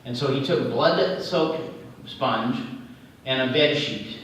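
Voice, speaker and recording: A man's voice: medium pitch, slow pace, a bit bright, recorded from a distance, a little hiss or hum. Folksy man speaking in an echoey hall. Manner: folksy storytelling, joking asides. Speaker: regional Red Cross executive. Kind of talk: banquet speech. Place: large banquet hall.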